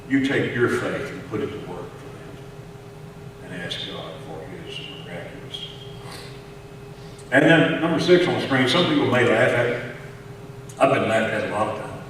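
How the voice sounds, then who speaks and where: Texan pastor, lowish voice, story-driven sermon, echoey church hall recorded from far off. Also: male voice, a little hiss or hum. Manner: storytelling with frequent repeated words, swinging between hushed and raised. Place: large church sanctuary.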